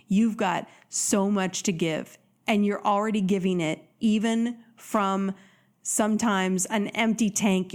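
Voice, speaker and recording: Animated woman dating coach. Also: medium pitch. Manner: animated, acts out quoted voices. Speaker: dating coach podcast host. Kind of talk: casual motivational monologue.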